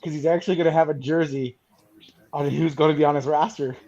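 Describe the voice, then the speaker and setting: A man with a fairly high voice trades short, teasing remarks on a podcast and laughs often. The recording sounds dull. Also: fairly even intonation, fast, a little mellow. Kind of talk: casual chat.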